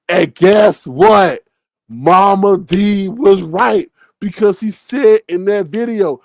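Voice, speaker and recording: A man hosting casual gossip commentary, animated and mocking, often mimicking others with big jumps in his voice. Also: high-pitched, takes it slowly, gravelly, dry recording. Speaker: commentary channel host.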